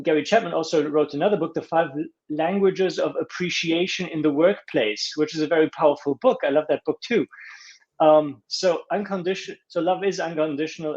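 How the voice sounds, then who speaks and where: A man who works as a relationship coach, speaking in a fairly high voice. He talks earnestly and reflectively in a podcast interview and restarts phrases as he thinks. The audio sounds a little dull. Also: a little mellow.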